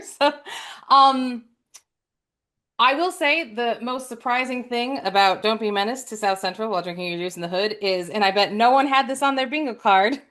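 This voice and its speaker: A woman's voice: a little high, moderate pace, fairly bright tone. A woman co-hosting a podcast, chatting eagerly about movies with lots of laughs. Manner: enthusiastic, chatty, many fillers and laughs. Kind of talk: casual movie chat.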